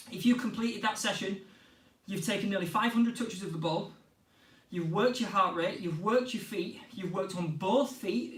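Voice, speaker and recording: A man coaching a live online football skills class. He is out of breath, counts reps out loud and cheers the players on. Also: high voice, roomy sound, recorded from a distance, low-quality recording. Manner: energetic, counts reps aloud and cheers students on.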